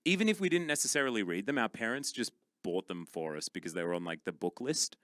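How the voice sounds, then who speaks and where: A man banters casually between esports matches with dry, playful teasing. His pitch moves a lot and his voice sounds dry and close to the mic. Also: expressive, fast, a bit bright, no room sound. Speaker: esports caster. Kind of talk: casual chat between co-casters.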